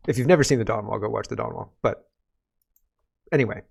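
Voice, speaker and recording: A man with a gravelly, fry-heavy voice runs a casual commentary show, sarcastic and ranting. He keeps breaking into laughter as he talks. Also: fairly low pitch, fast, pauses often, a little mellow. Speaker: political commentary host.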